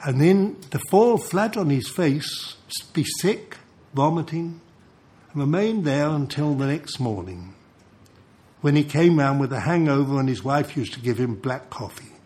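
An older man preaching a sermon, telling stories in an animated way and chuckling between points. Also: on the high side, a little slow. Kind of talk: sermon with storytelling.

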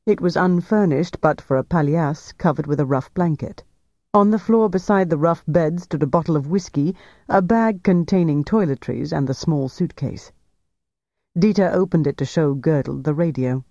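A man narrating a novel aloud in a measured, even storytelling manner. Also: fairly high pitch, no echo, highs cut off. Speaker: audiobook narrator.

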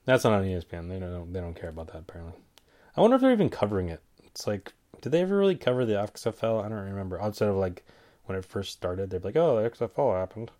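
A man's voice: deep voice, very animated, quick pace, darkish tone. A man with a stuffy nose hosting a casual solo show, rambling through picks with jokey asides and stumbling over names. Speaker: podcast host giving fight picks.

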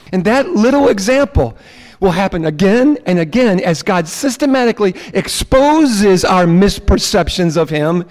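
A male pastor delivers a sermon in an easygoing, animated way, acting out the quotes he tells. His voice sits high for a man. The sound carries a long reverb, as in a big church sanctuary.

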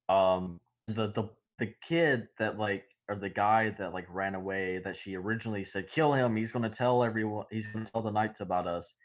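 A man with a fairly low voice talks casually on a podcast, telling long rambling stories with bursts of laughter. The recording is dull and lo-fi, with the top end rolled off. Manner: rambling, animated storytelling with laughs. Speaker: podcast co-host. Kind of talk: casual chat.

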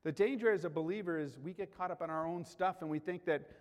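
A man preaching a sermon in a church, animated, swinging between loud calls and quiet asides, joking with the congregation. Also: on the high side, quick pace. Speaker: pastor. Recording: hall reverb.

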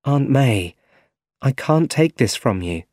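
A shy young man keeping a secret, as a male reader voices him, talking earnestly with little stammers and a voice pitched a bit above his narration. Slow, careful storybook reading in a bone-dry room. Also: lively intonation, a little mellow, no echo. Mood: concerned.

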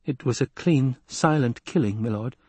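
A man's voice: medium pitch, normal speed, darkish tone, husky, dry recording, natural voice. A man voicing a silky, scheming male advisor who hesitates and defers to his lord. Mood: deferential.

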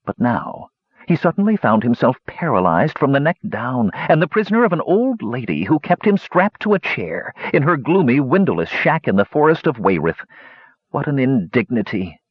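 A man reading a fantasy story aloud with expressive storybook narration. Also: mid-range voice, normal speed, husky, no room sound. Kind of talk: audiobook narration. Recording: dull lo-fi recording.

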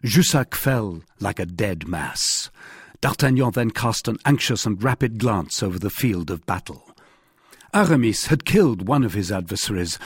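A man reading a classic adventure novel aloud as scripted narration, with a dramatic delivery that lifts in pitch for quoted speech. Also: slightly rough, dry recording, studio quality. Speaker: audiobook reader.

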